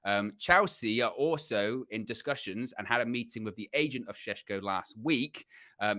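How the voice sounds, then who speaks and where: Bright, dry-voiced man on a fan podcast. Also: mid-range voice, no room sound. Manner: reads transcript news, jokey. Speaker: co-host. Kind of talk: casual fan podcast chat. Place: home, sirens outside.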